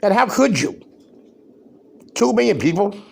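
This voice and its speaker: Gravelly, husky man ranting emphatically. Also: high-pitched, very animated, unhurried. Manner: emphatic, fires rhetorical questions; loud, worked-up. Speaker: podcast host. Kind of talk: ranting commentary.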